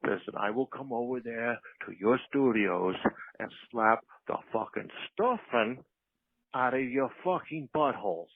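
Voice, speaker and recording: A man's voice: medium pitch, lively intonation, a little slow, gravelly, breathy edge, no echo, pitched above the performer's own voice, heavily acted. A man voicing a foul-mouthed, furious, washed-up puppet-show star in a voicemail, ranting profane threats. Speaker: voicemail caller. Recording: tinny phone voicemail.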